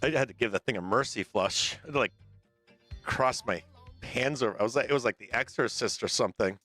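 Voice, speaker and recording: A man's voice: medium pitch, brisk, fairly bright tone, soft background music. A man hosting a livestream about the stock market, rambling and swearing casually as he talks to viewers and laughs often. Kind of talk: casual profane market commentary.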